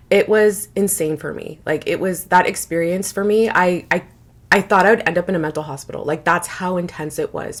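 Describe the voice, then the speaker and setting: Young woman chatting on her vlog, kinda low voice, rambly and earnest, lots of "like". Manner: earnest, rambling, frequent "like" fillers. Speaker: spiritual vlogger. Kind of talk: casual personal vlog.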